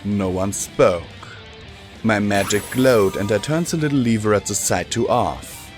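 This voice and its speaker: A man with a deep voice narrates a fan-fiction audiobook, reading in a calm, even way. Soft music plays beneath him.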